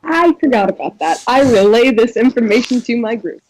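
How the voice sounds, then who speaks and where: A woman's voice: on the high side, animated, brisk, darkish tone, a little hiss or hum, low-quality recording. A woman playing a tabletop game, talking casually and laughing easily. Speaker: player. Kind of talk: casual chat.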